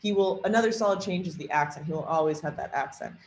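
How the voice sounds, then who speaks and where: A woman's voice: lowish voice, fast talker, reverberant, a little hiss or hum, rough recording. A woman giving a casual tutorial on tuning an AI character, thinking aloud with lots of fillers. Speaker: trainer demoing an AI character tool.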